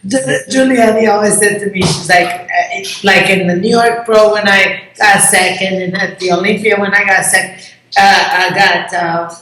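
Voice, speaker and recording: A woman's voice: mid-range voice, steady tone, normal speed, bright, forceful tone. Effusive woman in an echoey room. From Brazil. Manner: effusive, acts out quoted dialogue. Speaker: contest promoter, interview guest. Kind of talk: casual interview chat.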